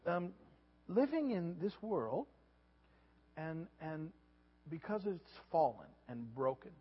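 A pastor preaching a sermon, animated and repeating his words, sometimes acting out voices. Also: on the high side, slow pace, breathy edge. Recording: dull lo-fi sound with long hall reverb.

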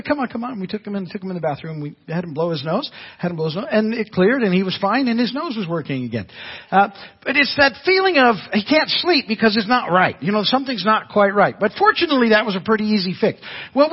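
A man's voice: sits high, slightly rough. An older man preaching a sermon as pastor, telling folksy stories with frequent restarts. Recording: dull lo-fi church audio.

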